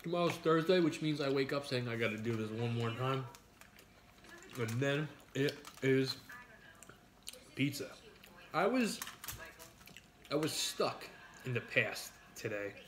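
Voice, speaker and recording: A man's voice: medium pitch, lively intonation, measured pace, long pauses, fairly bright tone. New york guy, middle-aged, rambling and joking over dinner, mid-range voice, bit of hiss behind. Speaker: mukbang host. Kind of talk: casual chat while eating.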